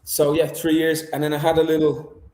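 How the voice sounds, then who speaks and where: A young man joins a video-call stream as a guest, rambling in a chatty, self-deprecating way. His fairly high voice is monotone, brisk, and darkish, and the indoor room sounds echoey through the call.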